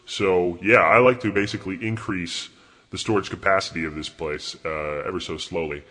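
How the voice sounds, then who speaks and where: A man playing a crude, contemptuous God in a comedy bit, talking in a profane, rambling, mocking way with a husky voice. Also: low-pitched, fairly even intonation, moderate pace, pushed and bright, voice pushed down. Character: crude arrogant male God, bored and contemptuous.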